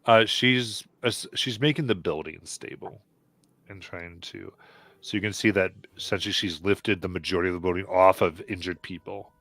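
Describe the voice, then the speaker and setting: A man narrating a tabletop game as game master, halting often with ums and uhs on a live stream. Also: low-pitched, a bit bright, dry recording.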